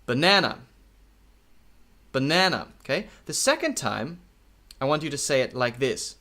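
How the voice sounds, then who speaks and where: A man teaching English in a recorded video lesson, speaking slowly and repeating key words, often checking in with "okay?". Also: medium pitch, wildly swooping pitch, a bit bright. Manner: slow, repetitive, checks in with "okay?".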